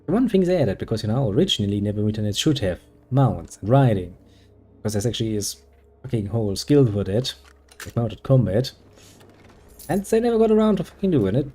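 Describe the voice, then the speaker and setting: This gaming streamer has a mellow, husky, mid-range voice and a German accent. His gameplay commentary is casual and sarcastic, and he rambles and swears freely.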